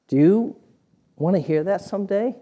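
A man preaching a sermon in a conversational, storytelling way, restarting phrases and swinging from quiet asides to emphatic points. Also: high-pitched, lively intonation, normal speed.

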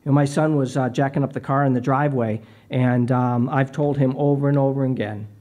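Earnest middle-aged male preacher, mellow voice. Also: mid-range voice, fairly even intonation, fairly quick, highs cut off. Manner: earnest, repeats words when starting phrases. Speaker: pastor. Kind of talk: sermon.

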